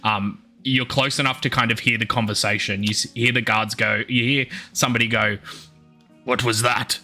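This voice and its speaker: Bright-voiced man running a tabletop game. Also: medium pitch, steady tone, faint music behind. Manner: halting, many ums while describing scenes. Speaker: game master.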